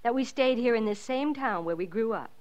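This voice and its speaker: A woman acting out a gentle small-town wife and mother with a light, fairly high voice, calm and reflective. Her tone moves with lively turns, in 1940s radio acting. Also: brisk, muffled recording, lightly acted. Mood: content.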